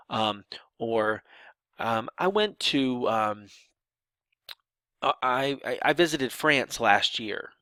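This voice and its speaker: Bright-voiced man explaining grammar. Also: mid-range voice, no room sound. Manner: explanatory, restarts and "um" fillers, acted example sentences. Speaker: sign language instructor.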